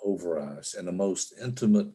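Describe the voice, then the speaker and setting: An older man telling a personal story as an interview guest over a video call, halting and restarting often. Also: sits low, warm tone, husky. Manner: halting, with frequent restarts and fillers.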